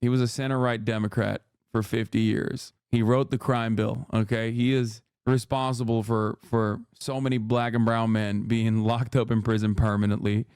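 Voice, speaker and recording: Brash, mocking male streamer, smooth dry voice. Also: mid-range voice, little pitch movement, moderate pace, few pauses, darkish tone, dry recording. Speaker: streamer reacting to news clips. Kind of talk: livestream reaction commentary.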